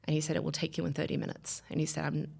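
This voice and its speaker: A woman's voice: low-pitched, monotone, rapid-fire, gravelly, darkish tone. A woman in her thirties telling her family's story in a podcast interview, earnest and rambling with many restarts.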